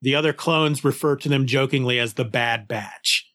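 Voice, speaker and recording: A man talking casually as a podcast cohost, enthusiastic and lively, often restarting his sentences. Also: medium pitch, moderate pace. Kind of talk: casual conversation.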